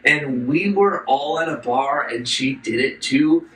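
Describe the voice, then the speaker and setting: A man's voice: medium pitch, a little slow, a bit bright. A man co-hosting a casual podcast, telling a rambling story, acting out quotes and laughing a lot. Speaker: podcast co-host. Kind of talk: casual chat. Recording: echoey room, mic at a distance.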